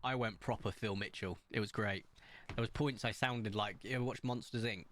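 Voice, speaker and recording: A man chatting casually to viewers while streaming, excitable and rambling, with sudden jumps up in pitch. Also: brisk, slight background noise. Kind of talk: casual live-stream chat.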